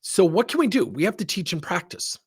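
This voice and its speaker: A middle-aged man gives a leadership talk in a slightly husky voice. His pitch swings widely as he tells his stories. He keeps throwing rhetorical questions at the listener. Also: a little fast. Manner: animated storytelling, rhetorical questions. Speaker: leadership speaker. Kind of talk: motivational talk with anecdotes.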